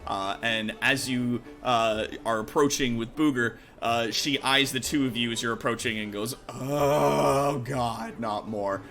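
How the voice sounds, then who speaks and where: A man's voice: medium pitch, moderate pace, hardly any pauses, faint music behind. A man running a tabletop game as game master, narrating with lots of fillers and laughter. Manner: animated, laughing, filler-heavy.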